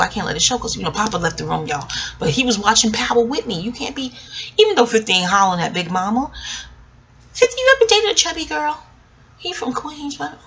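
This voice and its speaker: A woman's voice: fairly low pitch, fairly bright tone. A woman giving a casual, rambling TV episode review, joking and scattered, with frequent asides and free swearing. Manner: swears freely. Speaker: TV recap vlogger.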